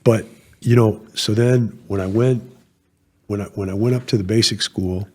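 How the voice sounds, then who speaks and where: A man's voice: lowish voice, steady tone, normal speed, dark tone. An older man from New England, a retired Marine colonel, telling rambling stories in a casual interview, with frequent restarts.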